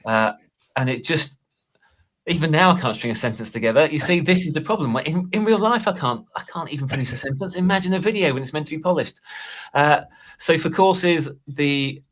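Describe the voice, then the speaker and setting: A man chatting casually on a podcast about making course videos, self-deprecating and halting, restarting his sentences often. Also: a little high, fairly bright tone. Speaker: Excel course creator and guest.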